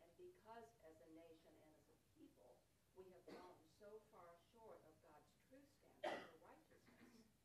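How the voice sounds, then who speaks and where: A woman in the class making a thoughtful comment from the audience and pausing to find her words. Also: on the low side, echoey room, distant mic, noisy background. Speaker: class participant.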